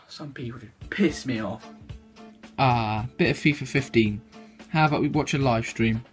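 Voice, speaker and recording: A young man, ranting loudly and excitably to the camera in a gaming vlog. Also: medium pitch, measured pace, soft background music. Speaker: YouTuber.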